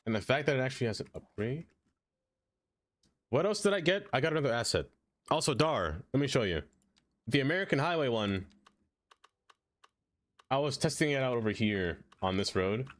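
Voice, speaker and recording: A man streaming a game live, chatting casually with his viewers, laughing often and jumping into high excited exclamations. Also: normal speed, pauses often. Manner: chatty, laughs often, talks straight to chat.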